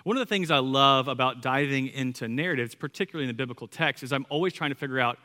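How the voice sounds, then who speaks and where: A man in his thirties, a pastor, reading scripture and preaching a sermon in a relaxed, conversational storytelling manner. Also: mid-range voice, quick pace, big-room sound.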